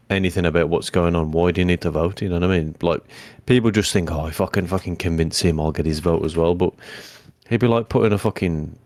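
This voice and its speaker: A man's voice: low-pitched, a little mellow, no echo. A young man, co-hosting a podcast in laid-back casual chat, blunt and casually sweary. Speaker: podcast co-host.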